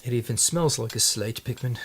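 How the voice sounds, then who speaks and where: A man's voice: medium pitch, fairly quick, fairly bright tone, slight background noise. A man who makes his own paints, chatting casually in his studio while thinking aloud, hesitant and rambling with many restarts. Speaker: handmade paint maker.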